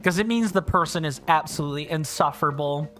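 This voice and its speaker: A man's voice: on the high side, quick pace, fairly bright tone, soft background music. A man chatting casually and rambling while livestreaming a video game, thinking aloud and restarting sentences. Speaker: streamer. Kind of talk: casual livestream chat over gameplay.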